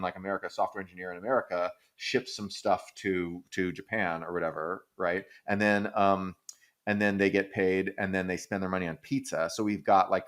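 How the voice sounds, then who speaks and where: A man hosting an economics podcast, explaining in casual chat, thinking aloud with frequent restarts and fillers. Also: on the low side. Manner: animated, breaks into silly quoted voices.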